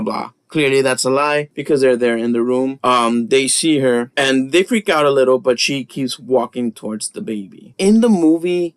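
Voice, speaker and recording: A man guest-hosting a podcast, casually retelling a story with lots of swearing and ranting. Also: medium pitch. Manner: animated storyteller, swears and rants.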